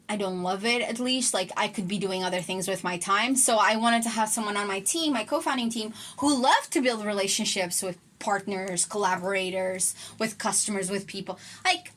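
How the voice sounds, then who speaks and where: A woman's voice: medium pitch, a bit bright. A woman in her twenties talking casually to camera in a vlog, chatty and enthusiastic. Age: 20s. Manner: chatty and enthusiastic, many fillers. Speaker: entrepreneur vlogger.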